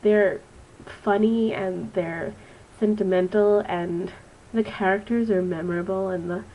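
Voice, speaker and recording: A woman's voice: mid-range voice, steady tone, unhurried, dull audio, slight background noise. A woman in her twenties with a stuffy, nasal voice from allergies, giving a rambling, casual book review on her vlog. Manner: chatty and rambling, with frequent ums. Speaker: student teacher reviewing a book.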